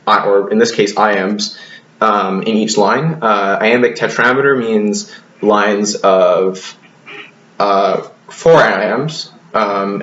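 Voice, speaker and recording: A man's voice: on the low side, a bit bright, echoey room, highs cut off, a little hiss or hum. A man teaching a recorded poetry lesson, talking hesitantly with many ums and restarts, and now and then apologizing. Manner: apologetic asides.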